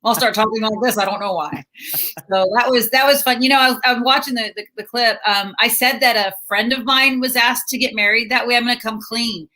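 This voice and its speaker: A woman comedian chatting playfully over a video call, cracking jokes as she goes. Her voice is bright and rather high, with a crisp edge. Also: a little fast. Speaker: comedian guest. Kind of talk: casual interview chat.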